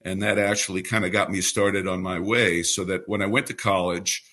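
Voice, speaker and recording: At a moderate pace, a veteran baseball radio play-by-play man in his 70s, originally from New York City, tells a story as an interview guest. The voice is lowish, bright, and clear, with only traces of a New York accent, and his relaxed storytelling carries a polished announcer polish.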